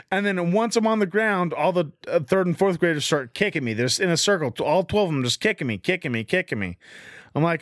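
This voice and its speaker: A man's voice: high-pitched, animated, fast, dry recording, clean studio sound. Profane, boastful man telling a story. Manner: swears constantly, boastful, rambling. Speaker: storyteller in a chat. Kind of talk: casual chat, profane storytelling.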